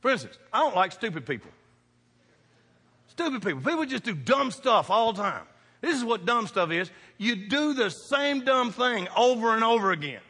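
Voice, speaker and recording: A preacher, a man, works his congregation in a folksy sermon, dropping to quiet asides and then rising to shouts. His voice sits high and bright with a husky grain. The sound carries the long reverb of a church sanctuary. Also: sing-song, normal speed. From American farm country. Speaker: pastor. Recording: reverberant hall.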